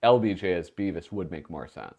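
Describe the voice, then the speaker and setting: A man's voice: low-pitched, expressive, fairly quick, darkish tone. A man with a Minnesota accent, hosting a podcast in casual, laughing banter. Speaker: podcast host. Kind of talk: casual chat.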